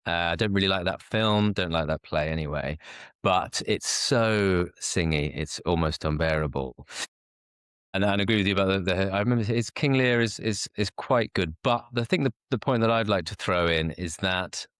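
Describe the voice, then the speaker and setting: A man giving his opinions in a casual podcast discussion, halting with restarts. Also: low-pitched, a bit bright, clear, resonant tone, dry recording, clean studio sound.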